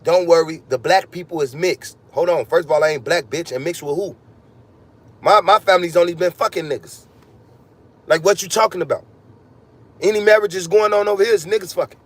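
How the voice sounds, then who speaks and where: Heated ranting man, higher voice. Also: brisk. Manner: heated, ranting, swears constantly. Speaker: podcast host. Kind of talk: profane freewheeling monologue.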